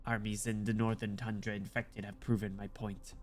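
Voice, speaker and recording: A man's voice: lowish voice, little pitch movement, moderate pace, pitched below the performer's own voice, lightly acted. A man voicing a ragged, condemned man who gives a grand, solemn speech of prophecy. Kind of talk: dramatic reading of game dialogue.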